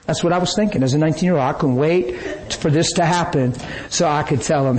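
Man preaching an animated sermon. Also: on the high side, moderate pace, hardly any pauses, low-quality recording. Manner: animated storytelling, acts out quoted voices. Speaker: pastor.

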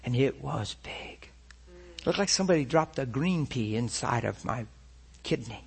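This storyteller's testimony comes in a gravelly, breathy, medium-pitched voice, expressive and at a moderate pace. He performs his personal story dramatically, doing all the voices himself and laughing as he goes.

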